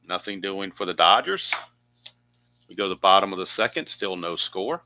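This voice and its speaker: A man's voice: low-pitched, expressive, moderate pace, sharp tone, slight background noise. A man narrating his own tabletop baseball game play by play, chatty and thinking aloud with asides.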